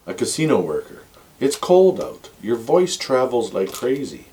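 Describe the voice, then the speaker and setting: A man chatting casually over a board game, telling animated, profane stories and swearing freely. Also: medium pitch, measured pace. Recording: distant mic with faint noise.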